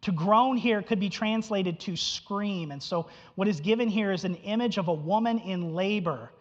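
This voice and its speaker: A man's voice: high-pitched, moderate pace. Man preaching, emphatic, repeats key phrases, long echo, muffled dull sound. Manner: emphatic, repeats phrases, asks listeners questions. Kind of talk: expository sermon.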